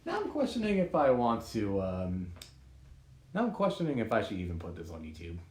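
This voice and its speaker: A man's voice: on the low side, wildly swooping pitch, fairly quick, a little mellow. A man doing a live-streamed stand-up monologue from home during quarantine, rambling and self-deprecating and laughing often at his own jokes. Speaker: stand-up comedian. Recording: roomy, distant home recording with faint noise.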